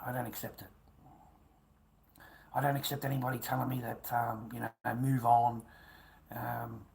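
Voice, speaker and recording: An Australian man rambling on a livestream, swearing often and swinging between loud rants and muttered whispers. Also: mid-range voice, gravelly, slight background noise.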